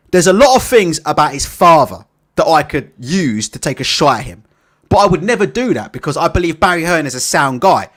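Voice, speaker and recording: A boxing YouTube channel host gives casual opinion commentary in a slightly bright voice that sits high. He keeps tacking on rhetorical tag questions like "innit?" and "right?", swears casually and laughs at his own jokes.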